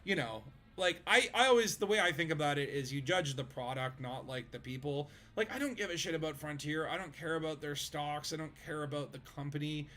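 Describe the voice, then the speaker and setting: A man's voice: a little high, fairly quick, few pauses, bright, forceful tone. A man streaming a video game, chatting casually with friends, rambling with fillers and laughing easily. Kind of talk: casual gaming chat.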